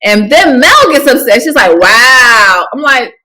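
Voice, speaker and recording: A woman with a bright, slightly high voice, recapping scenes in a relaxed and slangy way. Her tone stays clear and forward. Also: a little slow, low-quality recording. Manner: relaxed retelling with slangy asides. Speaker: co-host. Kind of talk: casual recap chat.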